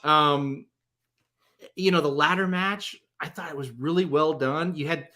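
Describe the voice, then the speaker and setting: A young man with a bright, forceful voice sitting a little high for a man. He hosts a relaxed podcast, talking eagerly and loosely with plenty of ums and quick laughs. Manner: chatty, enthusiastic recap with frequent ums and laughs. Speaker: podcast host. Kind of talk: casual podcast chat.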